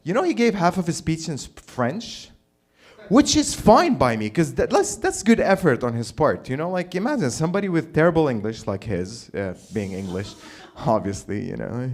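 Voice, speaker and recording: A man from Lebanon hosts a live stand-up night into a handheld mic on a small stage. His voice sits a little high and swings widely in pitch, and he rambles, swears freely and cuts himself off mid-thought. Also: sing-song, moderate pace, darkish tone. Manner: rambling, profane, self-interrupting. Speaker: open mic host. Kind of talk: stand-up comedy hosting. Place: small comedy venue stage.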